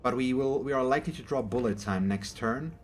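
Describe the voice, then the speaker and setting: A man's voice: medium pitch, a little fast, faint music behind. A man from Germany, a native German speaker, giving casual, rambling gameplay commentary in English and often correcting himself mid-sentence. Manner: rambling, self-correcting, chatty. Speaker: gaming channel host.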